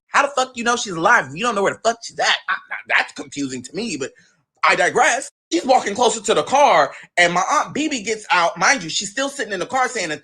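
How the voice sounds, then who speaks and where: A man telling a personal story with big pitch swings and a forceful, bright tone. He curses freely and acts out every moment. His delivery is dramatic and expressive. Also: fairly quick, slightly rough. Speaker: storyteller, show guest.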